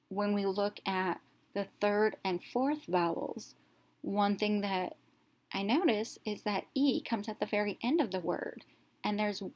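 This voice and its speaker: A woman teacher narrating a reading lesson, explaining each step slowly and clearly in an instructional voice-over. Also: mid-range voice, darkish tone.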